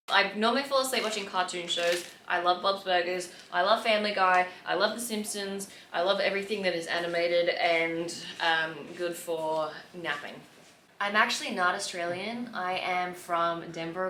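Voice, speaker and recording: A woman's voice: on the low side, pushed and bright, reverberant, slight background noise, rough recording. A woman in her thirties, a car vlogger answering questions casually and self-deprecatingly while she works on her car in a home garage.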